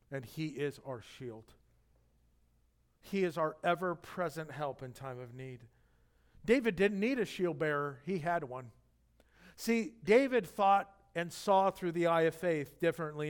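A middle-aged man, a pastor, delivering a sermon in a conversational, animated storytelling manner with jokes and asides. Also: fairly high pitch, unhurried.

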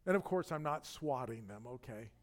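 A middle-aged man, a pastor, delivering a sermon in a conversational, animated storytelling manner with jokes and asides. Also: medium pitch, normal speed.

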